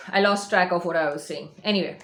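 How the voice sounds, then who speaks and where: A woman's voice: fairly low pitch, a little fast, fairly bright tone, reverberant. A woman coach giving a direct-to-camera motivational talk, insistent and emphatic, often repeating her points. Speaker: manifestation coach.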